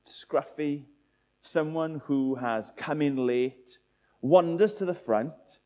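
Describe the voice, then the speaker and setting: A man's voice: a little high, a little mellow. A man preaching a sermon, asking the listeners many rhetorical questions.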